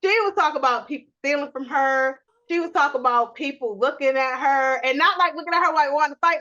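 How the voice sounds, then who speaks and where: Woman, high pitch, bright tone, animated storyteller, casual podcast chat. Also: fast, few pauses, dull audio. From New York. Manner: animated, acts out quotes, explicit. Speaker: podcast co-host.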